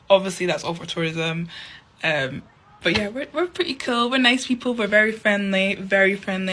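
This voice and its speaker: A woman's voice: lowish voice, sharp tone, slight background noise. A woman with a Scottish accent talking casually and emphatically to camera. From Scotland. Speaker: content creator.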